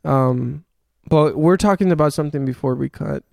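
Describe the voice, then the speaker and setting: A man's voice: fairly high pitch, moderate pace, vocal fry, a little mellow, no echo, studio quality. A young man telling a long story in casual chat, swearing often and laughing as he goes.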